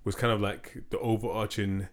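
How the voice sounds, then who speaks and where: A man's voice: on the low side, flat delivery, normal speed. A man co-hosting a podcast, chatting casually and rambling with fillers and restarts. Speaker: podcast co-host. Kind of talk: casual chat.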